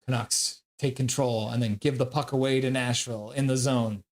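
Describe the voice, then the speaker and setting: Calling a hockey game play-by-play on a live stream, a man keeps it casual and chatty, reading chat messages aloud and laughing often. His voice is medium-pitched and steady at a moderate pace.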